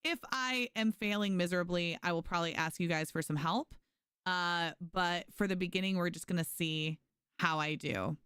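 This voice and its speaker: A woman's voice: lowish voice, moderate pace, a bit bright, clean tone, no room sound, studio quality. A woman streaming a game live, chatting casually with viewers and thanking them by name. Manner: frequent restarts and fillers. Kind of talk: casual live gameplay commentary.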